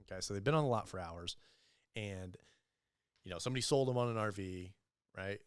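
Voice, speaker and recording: A young man telling animated, profane sales stories as a guest in a casual podcast interview, acting out the people he quotes. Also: lowish voice, fairly quick, clean tone, no room sound, clean studio sound. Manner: animated, profane storyteller who acts out quoted voices. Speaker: entrepreneur guest.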